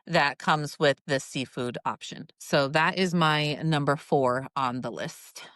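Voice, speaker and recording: A woman's voice: deep voice, takes it slowly, a bit bright, no room sound, studio quality. A woman co-hosting a podcast, chatting casually, laughing easily and giving friendly advice. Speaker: podcast co-host. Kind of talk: casual chat.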